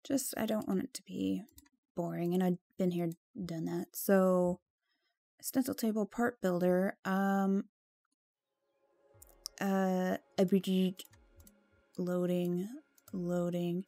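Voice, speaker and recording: A woman's voice: fairly low pitch, flat delivery, slow, creaky, pauses often, dark tone, no echo. A woman giving casual gameplay commentary, chatty and easily flustered, jumping to exclamations and dropping into whispers when nervous.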